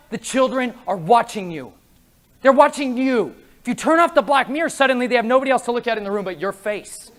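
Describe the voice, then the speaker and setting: A man's voice: very high voice, a bit bright. A man preaching a conference sermon, impassioned and emotional, mixing casual slang into his preaching. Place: conference hall.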